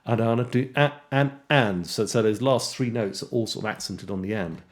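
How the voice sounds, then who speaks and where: A man teaching jazz guitar in a relaxed way, counting beats aloud and scatting rhythms. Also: lowish voice, moderate pace. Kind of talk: casual instructional talk with counting and scatting. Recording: guitar playing underneath speech. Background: loud guitar music.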